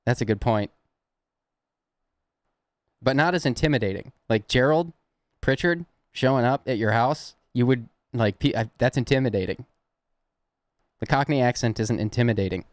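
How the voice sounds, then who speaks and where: In a dry recording, a young Southern man talks at a moderate pace in a mid-range voice. With his Southern American accent, he chats casually and ramblingly with viewers while hosting a prank-call livestream, chuckling along the way.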